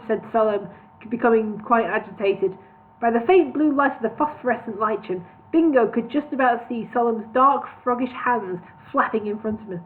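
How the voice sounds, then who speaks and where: A woman's voice: on the high side, moderate pace. A woman reading a parody storybook aloud on a livestream, with wry, chatty asides. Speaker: reader of a parody book. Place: home, livestream. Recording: tinny phone-like audio.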